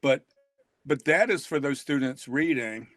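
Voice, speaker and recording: A man's voice: medium pitch, unhurried, a bit bright, no room sound. An older man, an author and reading educator, talking in a folksy, rambling way and chuckling often. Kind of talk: casual online talk.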